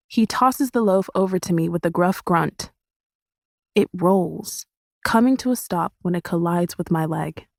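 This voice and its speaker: Slow, measured woman reading an audiobook. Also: medium pitch, darkish tone, dry recording, clean studio sound. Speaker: audiobook narrator. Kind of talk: first-person audiobook narration.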